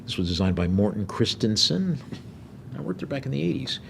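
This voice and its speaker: A middle-aged man working as an auctioneer, calling bids briskly with joking asides. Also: mid-range voice, sing-song, gravelly, slight background noise.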